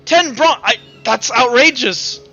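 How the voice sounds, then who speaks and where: A man puts on a pompous, flustered merchant for a tabletop game, full of over-polite bluster. The voice sits high and bright, projected loudly. The sound is slightly dull, with faint music underneath. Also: expressive, a little slow, exaggerated voice.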